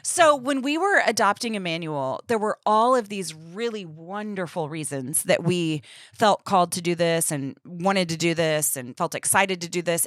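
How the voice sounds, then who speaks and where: A woman's voice: fairly low pitch, a bit bright, no echo, clean studio sound. A woman in her thirties co-hosting a podcast, chatting casually and animatedly with many fillers. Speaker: podcast co-host. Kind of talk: casual faith chat.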